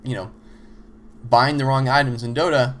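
Male host, mid-pitched, casual chatty teacher who acts out little example exchanges. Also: fairly even intonation, normal speed, fairly bright tone. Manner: loose, conversational, frequent "you know" and "like". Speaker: host explaining teamwork. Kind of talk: casual instructional talk.

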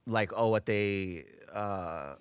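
A man chatting as a comedian guest on a podcast, rambling and acting out other people in quick voices. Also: fairly low pitch, smooth, no room sound, clean studio sound. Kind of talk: casual podcast chat.

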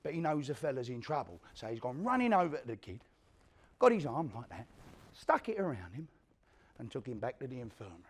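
A man's voice: medium pitch, very animated, brisk, husky. A man acting out an aging East London career criminal in a one-man stage monologue, telling his story bluntly and with plenty of swearing. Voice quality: blunt, profane street talk. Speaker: one-man play performer. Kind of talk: theatrical monologue.

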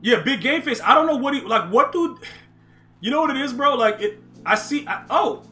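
A man's voice: extremely high pitch, expressive, moderate pace, sharp tone. A young man live-streaming a football video game, reacting to chat and play, often repeating himself. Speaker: gaming streamer.

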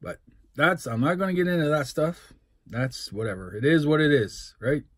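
Man, Canadian accent, casual food vlog, rambling and upbeat, fairly high voice. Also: animated, normal speed, breathy edge, no room sound, clean studio sound. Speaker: food vlogger. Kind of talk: casual mukbang vlog talk.

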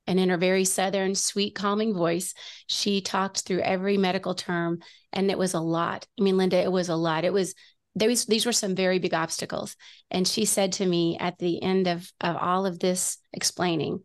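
A woman's voice: medium pitch, fairly even intonation, fairly quick. A middle-aged woman telling an earnest personal story as a guest on a faith talk show, often restarting her sentences.

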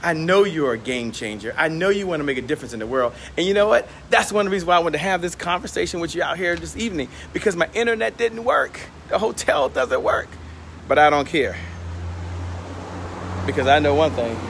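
A man's voice: a little high, animated, brisk, creaky, a bit bright, a little hiss or hum. Upbeat man talking into his phone outdoors. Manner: upbeat, motivational. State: slightly out of breath. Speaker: host. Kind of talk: casual livestream vlog. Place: outdoors, walking near a hotel. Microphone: phone held in hand.

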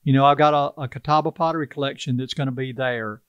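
A man's voice: mid-range voice, fairly even intonation, fast, clear, resonant tone, dry recording, dull audio. An older man from South Carolina with a Carolina Southern accent, talking in a folksy, earnest way as an interview guest. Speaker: tribal chief, interview guest. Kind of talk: casual interview talk.

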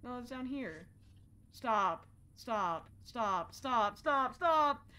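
A young woman streaming horror games, jumpy and profane, swinging from low muttering to sudden shouts. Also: animated, extremely slow, smooth. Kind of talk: live-stream gameplay commentary.

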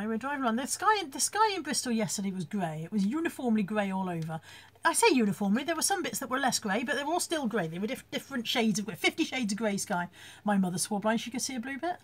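A woman's voice: a little high, fairly bright tone. A British woman hosting a casual live chat from home, reading out viewer comments and laughing often as she talks into her phone. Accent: British English.

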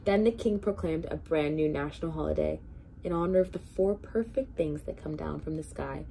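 Mellow-voiced woman reading a storybook. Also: deep voice, moderate pace, a little hiss or hum. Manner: expressive, animated read-aloud. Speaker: children's hospital volunteer reader. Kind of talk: storybook read-aloud.

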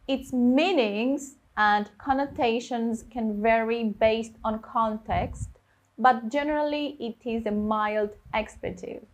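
A woman teaching English vocabulary, explaining words clearly and reading example sentences with stressed key words. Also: fairly high pitch. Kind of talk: slow, clear vocabulary lesson.

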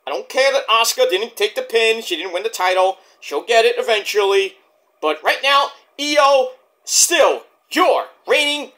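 A man's voice: sits high, bright, forceful tone. A man reviewing a wrestling show in a heated, profane, rambling rant.

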